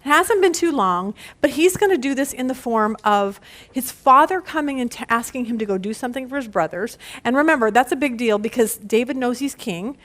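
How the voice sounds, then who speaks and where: High-voiced woman teaching a Bible study. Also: brisk. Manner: animated storyteller who laughs at her own stories; casual and conversational.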